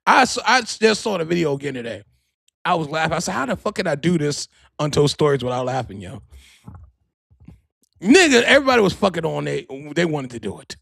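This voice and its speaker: A gravelly, husky male podcast host with a dry, close sound. He tells stories with big swings in his voice, swears freely and laughs along with himself. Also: fairly high pitch, very animated, brisk, fairly bright tone, dry recording. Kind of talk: loose comic storytelling.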